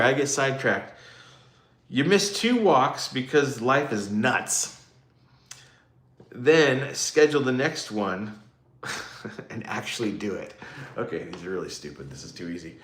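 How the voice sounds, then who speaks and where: A man's voice: mid-range voice, fairly bright tone. Rambling, self-mocking man in an echoey room. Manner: rambling, self-mocking, chatty with live comments. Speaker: livestream host. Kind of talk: casual livestream chat.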